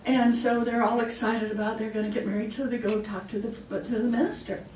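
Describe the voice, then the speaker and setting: A woman minister preaches in a chatty, storytelling way and laughs along with her own jokes. Her voice sits a little high. She is picked up from a distance in an echoing hall with a faint hiss. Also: fairly even intonation, brisk, darkish tone. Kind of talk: sermon. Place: church hall. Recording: echoey hall, mic far off.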